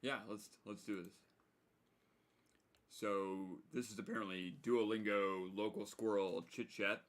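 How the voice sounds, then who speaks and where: A man co-hosting a casual livestream, talking in a dry, low-key way and reading jokes deadpan. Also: a little slow. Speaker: livestream co-host.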